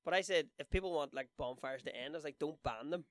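Comedian, rapid delivery, slightly high voice, dry dark humour. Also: male voice, no room sound. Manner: quick, sardonic jokes. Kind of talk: casual chat.

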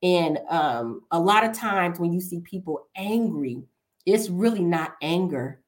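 Emphatic woman host with a lower voice. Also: animated, a little slow. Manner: emphatic, repetitive, builds points step by step. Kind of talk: faith-based talk, preaching tone.

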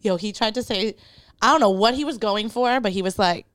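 A woman hosting a podcast, chatting bluntly and jokingly and acting out lines with high squeals. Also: fairly quick, a bit bright, dry recording, studio quality. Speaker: podcast host. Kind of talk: casual podcast chat.

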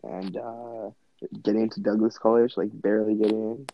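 A man's voice: fairly low pitch, little pitch movement, a little fast, dull audio, slight background noise. A young man hosting a podcast with friends, rambling casually, laughing often and swearing. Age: young adult. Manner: rambling, laughing, swearing, says "bro" and "dude". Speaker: podcast host.

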